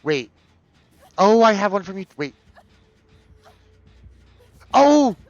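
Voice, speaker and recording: A man's voice: big pitch swings, takes it slowly, dry recording, soft background music. Campy chatty man on lo-fi stream audio. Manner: chatty and campy, reading chat aloud, swinging pitch. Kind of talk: casual live-stream chat.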